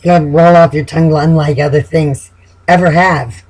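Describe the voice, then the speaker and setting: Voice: medium pitch, steady tone, moderate pace, darkish tone, low-quality recording. Laughing, chatty tarot reader. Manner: chatty, laughs often, amused; repeats words and restarts while thinking. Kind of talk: casual spoken tarot reading.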